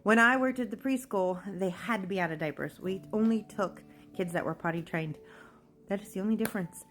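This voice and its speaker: A woman's voice: medium pitch, brisk, a bit bright. A woman sharing a personal testimony, telling her own story in an earnest, emotional way.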